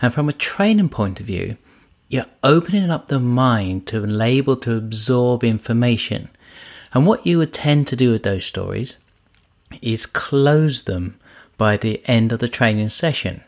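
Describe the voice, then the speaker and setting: A man teaching through stories as a trainer, relaxed and speaking straight to the listener. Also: mid-range voice, measured pace. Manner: relaxed storyteller, addresses the listener. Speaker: trainer, podcast host. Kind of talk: storytelling lesson.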